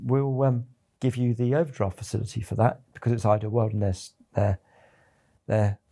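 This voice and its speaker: A man's voice: on the low side, steady tone, a little fast, dark tone. A middle-aged man, a company founder, telling anecdotes in an interview with a chatty storytelling manner. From England. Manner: chatty anecdotal storyteller, acts out quoted voices.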